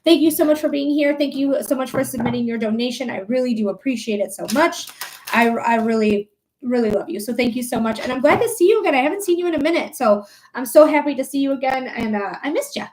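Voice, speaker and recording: Woman, psychic livestream host, casual home stream, cursing, heated, a bit high-pitched. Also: animated, fast talker, darkish tone, a little hiss or hum. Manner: swears freely, talks straight to viewers. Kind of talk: casual livestream chat and ranting.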